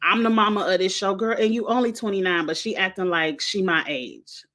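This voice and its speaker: A woman's voice: mid-range voice, a little fast, fairly bright tone. Chatty woman giving frank opinions. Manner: chatty and frank, talks straight to the contestants. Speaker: reality show reviewer, host. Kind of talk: casual opinionated recap.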